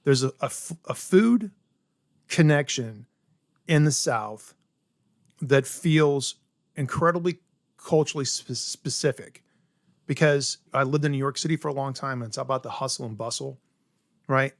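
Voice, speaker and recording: A middle-aged chef from South Carolina talks through his cooking in an interview, eager and methodical, tagging points with "right?". His voice sits at a middle pitch. The recording is dry and close, with no room sound. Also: moderate pace, vocal fry, pauses often, dry recording. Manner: enthusiastic, explains step by step with many "right?" tags. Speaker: chef guest. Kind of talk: casual interview chat.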